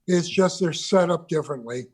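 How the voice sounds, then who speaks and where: Older man reminiscing in a high voice. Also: normal speed, a little mellow, husky. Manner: reminiscing, loose with restarts. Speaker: interview guest, veteran recording engineer. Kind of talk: conversational interview.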